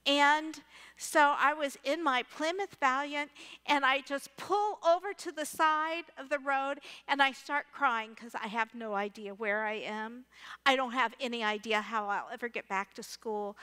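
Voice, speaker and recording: A middle-aged woman preaching from the pulpit, her high, bright voice ringing through a large church sanctuary. She tells her story slowly and animatedly, acting out every voice she quotes. The long reverb of the hall trails behind each phrase. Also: smooth. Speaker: pastor. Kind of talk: storytelling sermon.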